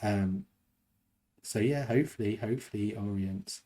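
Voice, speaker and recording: A man's voice: lowish voice, moderate pace, mellow. Rambling self-deprecating British man. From United Kingdom. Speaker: podcast co-host. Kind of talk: casual chat.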